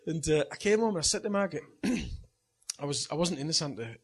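A man in middle age preaches in a relaxed, chatty way, slipping into anecdotes and chuckling at his own stories. His voice sits a touch high and has a husky, slightly rough edge. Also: fast talker. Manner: chatty storyteller, laughs at own story. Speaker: pastor. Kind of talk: sermon with personal anecdote.

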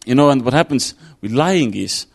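Guy preaching casual sermon, middle pitch, lots of ums and restarts, just chatting it through. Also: expressive, normal speed, vocal fry, husky. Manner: conversational, thinking aloud with fillers and restarts. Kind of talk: informal sermon.

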